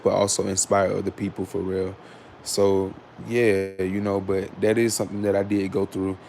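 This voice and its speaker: Addressing his chat directly, a livestream host speaks in a low, gravelly voice over faint underlying noise. His casual talk rambles and restarts with a sarcastic, candid tone, sometimes switching to loud scolding of commenters.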